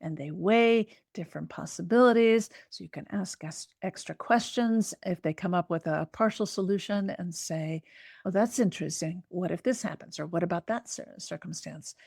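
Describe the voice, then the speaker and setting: A woman's voice: fairly low pitch, moderate pace, gravelly, darkish tone, no room sound, clean studio sound. A woman psychologist answering a parent's question, chatty and laughing, acting out what parents might say. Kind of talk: advice Q&A.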